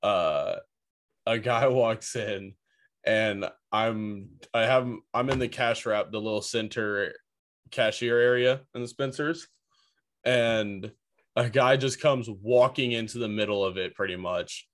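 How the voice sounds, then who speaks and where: A man's voice: lowish voice, slow, fairly bright tone. A young man telling a work story in a casual podcast chat, rambling and full of filler words. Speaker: podcast co-host.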